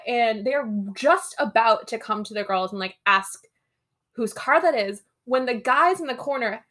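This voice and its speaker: Bright-voiced young woman recapping a movie. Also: on the high side, animated, moderate pace. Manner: chatty, acts out characters' lines with swearing. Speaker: podcast co-host. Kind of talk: casual chat recapping a movie.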